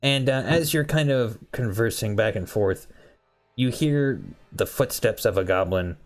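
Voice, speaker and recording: A man narrating a tabletop game as game master, unhurried and full of fillers. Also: mid-range voice, soft background music.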